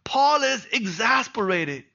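A middle-aged man preaching a sermon as pastor, animated and peppered with rhetorical "right?" asides. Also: very high-pitched, takes it slowly, creaky, dull audio.

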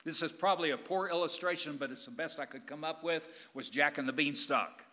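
A man preaching a sermon as pastor, emphatic and intense, swinging between loud and hushed. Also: on the high side, a little fast.

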